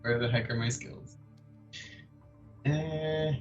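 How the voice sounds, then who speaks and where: A man's voice: medium pitch, fairly even intonation, takes it slowly, highs cut off. Flustered guy player rolling dice, laughing at himself, faint music. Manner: flustered, laughing, self-deprecating. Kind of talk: tabletop game play.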